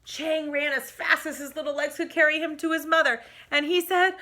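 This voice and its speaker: A woman teacher reading a storybook aloud to young children, adding asides. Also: high voice. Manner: animated, expressive, pauses to comment.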